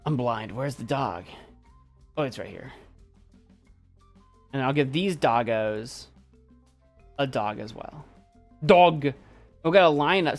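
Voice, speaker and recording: A man's voice: fairly high pitch, animated, moderate pace, soft background music. A man chatting casually on a live stream, giving playful commentary.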